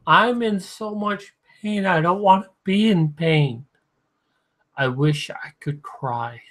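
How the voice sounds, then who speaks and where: A drunk man talking to his stream viewers with slurred, halting speech, sometimes very soft. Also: fairly high pitch. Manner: talks softly at times. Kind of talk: drunken livestream monologue.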